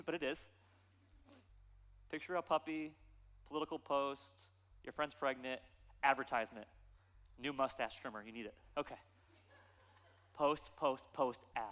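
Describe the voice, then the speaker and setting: Pastor in his 30s, preaching with a fairly high, lively voice; long church-hall reverb. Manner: animated storytelling with playful asides. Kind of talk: sermon.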